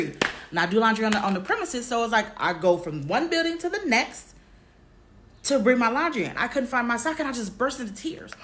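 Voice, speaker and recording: A woman vlogger telling a personal story straight to her viewers, halting often and repeating herself. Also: a little high, big pitch swings, a bit bright, slight background noise. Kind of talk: candid personal storytelling to camera.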